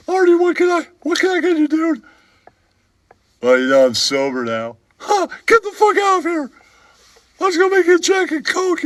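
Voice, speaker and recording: A man talking in a slow, offhand way during a comedy bit. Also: very high voice.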